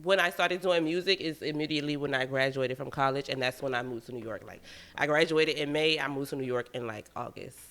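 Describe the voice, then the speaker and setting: A young woman from Savannah, an artist guest in a casual interview, expressive and laughing often. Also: very deep voice, brisk. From Savannah, Georgia, USA. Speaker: guest, musician.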